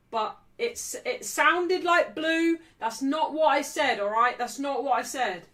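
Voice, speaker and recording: A woman hosting a football watchalong stream, calling the play, cheering loudly and joking brashly with her live chat. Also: high voice, measured pace. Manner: excitable, shouting cheers at big moments. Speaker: livestream host.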